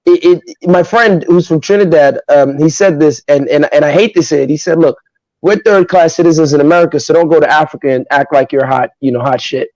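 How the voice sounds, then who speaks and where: A man from Nigeria speaks as a guest in a casual podcast chat, telling his stories in an animated, emphatic way. His voice sits a little high. The sound is dry and close, with no room echo. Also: a little fast, muffled recording. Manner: animated, emphatic storytelling with frequent asides.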